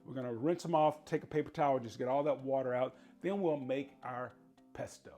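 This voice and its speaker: A man's voice: medium pitch, brisk, warm tone, soft background music. A middle-aged man hosting a cooking show, chatty and playful, talking straight to his viewers as he cooks. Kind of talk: casual cooking demonstration.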